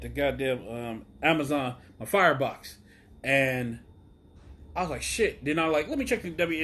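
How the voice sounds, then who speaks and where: A man hosting a wrestling show alone, ranting in a rambling, profane, excitable way with lots of fillers. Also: a little high. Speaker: wrestling podcast host. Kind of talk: solo casual rant.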